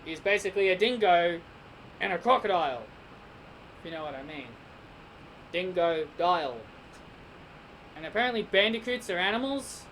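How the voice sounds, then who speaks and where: A man's voice: sits high, expressive, moderate pace, pauses often, a bit bright, a little hiss or hum, rough recording. A man with an Australian accent giving a casual spoken game review, rambling and speculating as he thinks aloud.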